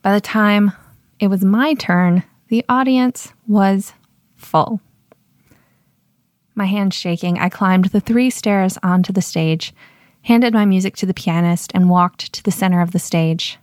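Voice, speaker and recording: A woman podcast host reading a scripted personal story in a measured, self-deprecating way. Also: mid-range voice, a little mellow, no echo, clean studio sound.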